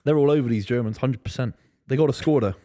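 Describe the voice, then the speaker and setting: A man's voice: medium pitch, quick pace, dark tone. A young man co-hosting a football watchalong, joking and mock-complaining with the lads between laughs. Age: young adult. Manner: jokey, mock-exasperated, laughs between lines. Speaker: podcast co-host. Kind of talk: casual football watchalong banter.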